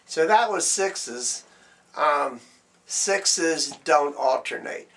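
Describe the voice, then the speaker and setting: A man's voice: on the high side, animated, extremely slow, vocal fry. A man teaching drum strokes, explaining plainly and counting beats aloud as he demonstrates. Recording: loud background noise.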